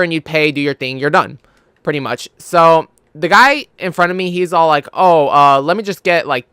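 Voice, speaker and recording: A man's voice: fairly high pitch, bright, forceful tone, smooth, dry recording, studio quality. A young man from California, a gaming YouTuber, telling a rambling, profane story in casual chat. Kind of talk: casual storytelling over gameplay.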